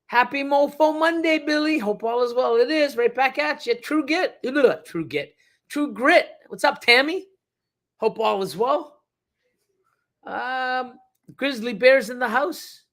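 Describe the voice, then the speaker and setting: A man's voice: very high voice, a little slow, a bit bright. A middle-aged man hosting a casual livestream, rambling with many fillers and restarts as he reads the chat. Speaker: reptile breeder hosting a livestream.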